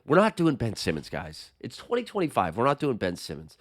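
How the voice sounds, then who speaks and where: A man with a Boston accent hosting a casual sports chat, his voice hoarse from being sick, talking in a rambling way with lots of fillers. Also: medium pitch, huge pitch swings, brisk, dry recording. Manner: chatty, rambling with many fillers. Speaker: sports channel host.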